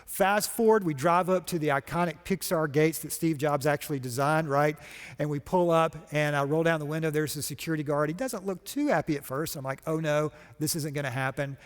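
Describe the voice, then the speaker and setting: A middle-aged man from Georgia delivers a motivational talk on a conference stage. His voice sits a bit high for a man. He tells stories with animated energy and acts out quoted lines. His voice carries a long hall reverb. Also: brisk. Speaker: conference speaker.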